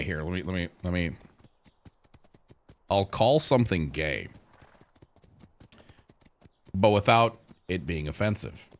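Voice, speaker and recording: A man's voice: deep voice, a bit bright. A young man streaming and chatting casually while gaming, rambling and profane, laughing at his own stories.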